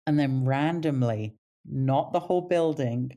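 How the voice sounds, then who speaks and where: A middle-aged woman with a low, mellow voice, a palliative care nurse sharing stories in an easygoing interview. Her pitch leaps up whenever she acts out what someone said. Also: unhurried. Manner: animated pitch when quoting others. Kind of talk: casual storytelling interview.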